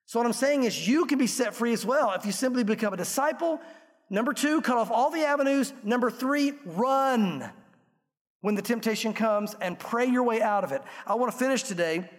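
High-voiced man preaching in an echoing hall. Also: lively intonation. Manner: earnest storytelling, slows and softens for emotional quotes. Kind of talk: sermon with illustration story. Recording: long reverb of a large room.

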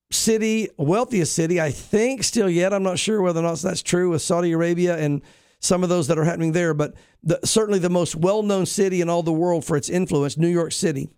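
Brief: man, pastor and host, high pitched voice, dry close sound, preachy emphatic commentary. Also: darkish tone, no echo. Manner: emphatic, preachy, with frequent restarts. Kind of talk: news reading and opinion commentary.

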